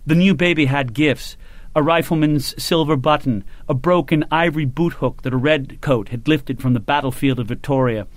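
A man reading an audiobook in measured, grave scripted narration. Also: on the high side, no room sound.

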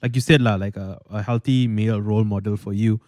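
A man's voice: lowish voice, fairly even intonation, fast, darkish tone, no echo, studio quality. A man hosting a podcast, chatting casually with hesitant fillers. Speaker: podcast host.

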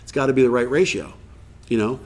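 A man's voice: medium pitch, fast talker. A man speaking at a recovery workshop, talking in a conversational way and reading passages aloud. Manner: conversational, reads passages aloud, acts out quotes. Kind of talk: informal recovery workshop talk. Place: live workshop event.

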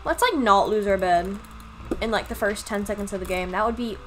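A young woman chatting through a live gaming stream, talking to her viewers and teammates and breaking into high yelps when things go wrong. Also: fairly quick, fairly bright tone, slight background noise. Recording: faint music in background.

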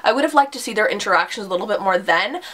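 A woman's voice: medium pitch, expressive, rapid-fire, a bit bright. A young woman chatting casually to camera about a book she loved, gushing and full of "like" and "literally". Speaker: book vlogger.

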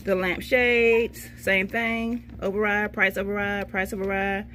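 A middle-aged vlogger casually walks through her shopping haul, reading prices off a receipt and saying "okay, baby" to herself in a folksy, chatty way. Her voice is medium-pitched and fairly bright, unhurried with little pitch movement, and there's a little hiss or hum.

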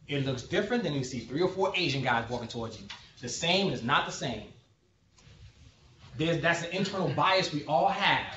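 Animated man lecturing in an echoey room. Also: a little high, a little hiss or hum. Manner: joking, animated, often checks in with the audience. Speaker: sociologist giving a presentation. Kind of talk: conversational lecture to a committee. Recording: echoey room, distant and dull.

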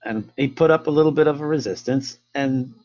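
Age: adult. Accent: American. Role: presenter. Style: casual lesson. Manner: rambling, halting. Pitch: middling. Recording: slightly dull lo-fi. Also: male voice, a little mellow. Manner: rambling, many filler sounds and restarts. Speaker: history presenter.

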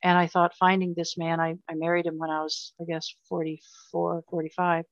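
A woman's voice: on the low side, completely flat delivery, normal speed, dry recording, highs cut off. An older woman telling a painful personal story in an interview, earnest and emotional, often repeating herself. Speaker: guest.

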